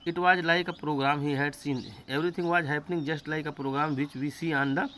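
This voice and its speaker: A man's voice: fairly high pitch, fairly even intonation, fairly bright tone, slight background noise, poor audio. Male teacher explaining line by line. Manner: repeats and paraphrases each line slowly. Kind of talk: line-by-line literature lecture.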